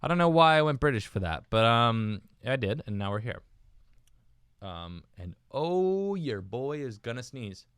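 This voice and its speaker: A man's voice: medium pitch, big pitch swings, measured pace, fairly bright tone, smooth, no room sound, studio quality. A young man hosting his own podcast, rambling and joking at his own expense, calling listeners dude and man. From United States. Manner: rambling, self-mocking, says dude and man a lot. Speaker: podcast host. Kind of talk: casual solo podcast talk.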